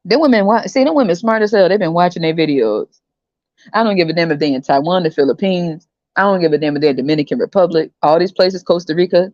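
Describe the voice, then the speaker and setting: A woman's voice: lowish voice, quick pace, a little mellow, no room sound. A woman from the United States hosting a podcast, talking bluntly in slangy, mocking casual commentary. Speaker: podcast host. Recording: dry, slightly dull recording.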